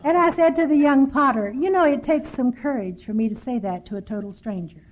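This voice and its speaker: A woman's voice: sits high, a little fast. Older woman telling wry stories on lo-fi tape. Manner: dry self-mocking humor, storytelling. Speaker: workshop speaker. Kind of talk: recovery workshop talk. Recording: tinny lo-fi 1990s tape.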